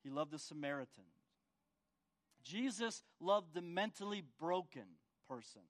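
A man's voice: sits high, lively intonation, normal speed. A man preaching a sermon as pastor, often asking the congregation for agreement and repeating words as he restarts. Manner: asks the congregation for agreement with tag questions.

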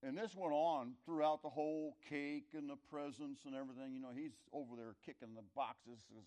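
A middle-aged or older man telling a folksy, rambling story in a conversational sermon, his loudness rising and falling. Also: medium pitch, fairly even intonation, brisk, hardly any pauses. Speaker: speaker telling a story to an audience.

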